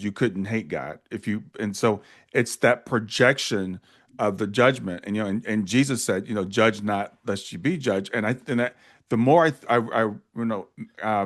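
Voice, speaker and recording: A man hosting an interview, reflective and thoughtful, summing up what his guest says. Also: medium pitch. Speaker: podcast host. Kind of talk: interview conversation.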